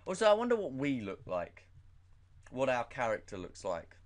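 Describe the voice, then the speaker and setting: A man's voice: medium pitch, huge pitch swings, moderate pace. A man hosting a horror game let's play, talking nervously, swearing a lot and mocking himself. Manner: nervous, profane, self-mocking. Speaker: gaming channel host.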